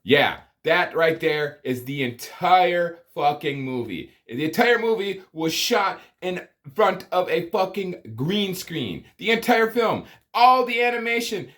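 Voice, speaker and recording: A man's voice: high voice, animated, slow, few pauses, a bit bright. A man giving a profane comedic movie review, exasperated and ranting, with sighs and groans of disbelief. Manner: exasperated, swearing, sighing rants.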